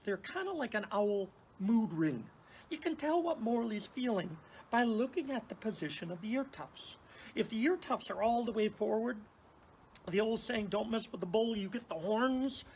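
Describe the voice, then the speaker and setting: A woman raptor educator telling lively stories and mimicking bird calls as she explains owl behavior. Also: mid-range voice, slight background noise, poor audio. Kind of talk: educational storytelling.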